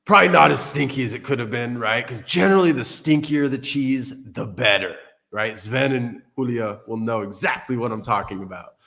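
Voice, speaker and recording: A man's voice: mid-range voice, normal speed, gravelly, fairly bright tone. Rambling, jokey male livestream host. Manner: rambling, jokey, swears casually. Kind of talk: casual livestream chat. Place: Portugal.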